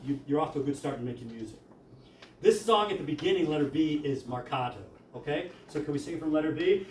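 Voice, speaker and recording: A man's voice: a little high, background noise. A man leading a choir rehearsal, explaining how to sing a passage and singing lines to demonstrate. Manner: explains briskly, then sings lines to demonstrate. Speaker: choir director. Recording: echoey room from far off.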